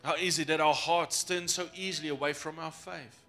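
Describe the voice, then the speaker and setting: Bright, high-voiced preaching pastor. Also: male voice, fairly even intonation, moderate pace, soft background music. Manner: playful preacher, acts out voices of his listeners and jokes. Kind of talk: sermon.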